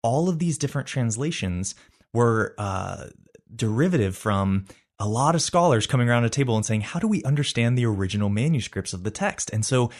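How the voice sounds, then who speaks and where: A man's voice: mid-range voice, lively intonation, fairly quick, a little mellow. A man hosting a devotional Bible study, talking in an earnest, reflective and conversational way.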